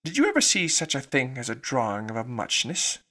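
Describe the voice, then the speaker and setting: A man voicing a sleepy, indignant little male dormouse with a hoarse, feeble voice. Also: medium pitch, huge pitch swings, bright, forceful tone, exaggerated voice. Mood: drowsy. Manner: drowsy, hurried then slow, sulky.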